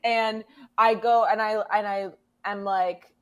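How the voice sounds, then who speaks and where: A woman's voice: mid-range voice, fairly even intonation, slow, clear, resonant tone. A woman playing in a casual tabletop role-play, with a playful, giggly manner. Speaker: player.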